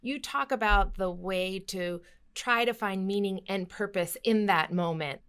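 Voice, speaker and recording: A woman's voice: medium pitch, measured pace, a bit bright, clean tone. A woman podcast host asking attentive, affirming questions of her guest.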